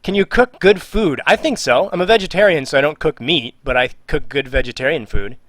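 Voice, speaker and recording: A man with a fairly high pitch and fairly bright tone talks a little fast in a dry recording. In his casual live stream he reads viewer questions aloud, answers with jokes, and mutters or trails off while working.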